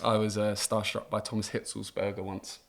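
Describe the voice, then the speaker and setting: A man co-hosting a podcast in casual chat, playful and upbeat, quick to joke and tease. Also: lowish voice, flat delivery, vocal fry. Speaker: podcast co-host.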